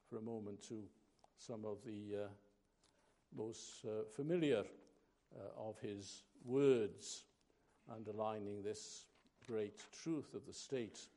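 A man preaching a sermon, slow and emphatic, pausing between phrases. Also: on the low side, dark tone.

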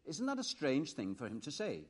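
A man's voice: mid-range voice, huge pitch swings, moderate pace, slightly rough. Preacher guy, earnest sermon, voice goes up and down a lot. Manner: earnest, rising to emphatic calls and softening to quiet reflection.

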